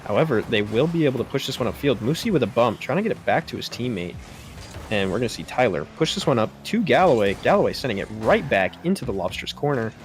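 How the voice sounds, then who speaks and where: A man calls an esports match play-by-play at a mid pitch, keeping a steady flow and lifting his voice on big plays. A faint hiss sits under the voice. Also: fast talker. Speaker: play-by-play commentator. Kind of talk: esports commentary.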